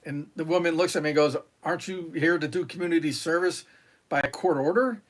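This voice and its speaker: A man's voice: a little high, a little fast. A middle-aged man from New York, a retired Marine, telling stories on a podcast in a rambling way, with many fillers and restarts, and acting out the lines of others. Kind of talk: casual interview storytelling.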